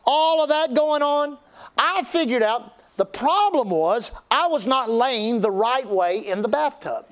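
Older preacher guy, really high voice, folksy funny storytelling, lots of restarts. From Texas. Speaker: pastor. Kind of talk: sermon storytelling.

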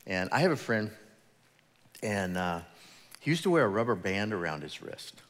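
A male pastor preaches with a lively, swooping delivery, telling stories and acting out the voices in them. His voice rings out with a long reverb, as in a church sanctuary. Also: fairly low pitch, normal speed. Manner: animated storytelling, acts out quoted voices. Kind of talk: sermon.

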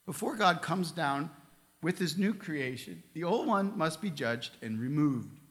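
A man's voice: a little high, expressive, a little slow, a bit bright. A male pastor preaching a sermon in a church, reading scripture aloud and asking the congregation earnest questions. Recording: long reverb of a large hall.

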